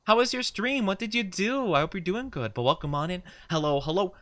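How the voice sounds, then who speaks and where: Brief: bubbly live-stream host, lively swooping bright voice, dry close mic. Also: mid-range voice, fairly quick, no room sound. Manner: bubbly, greets viewers warmly by name. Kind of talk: casual live-stream chat.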